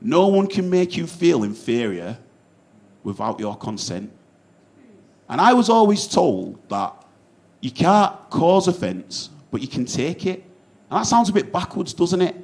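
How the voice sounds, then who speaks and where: A man's voice: a little high, big pitch swings, normal speed, a little mellow. A man with a Yorkshire accent doing a stand-up set, telling stories in an earnest, casual way with some swearing. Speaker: stand-up comedian.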